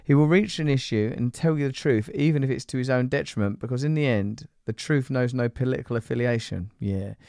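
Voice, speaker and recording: A man's voice: mid-range voice, fairly quick, gravelly, hardly any pauses, warm tone, no echo, studio quality. A man hosting a podcast, joking and bantering playfully with his co-host and reading listener comments. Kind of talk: casual podcast chat.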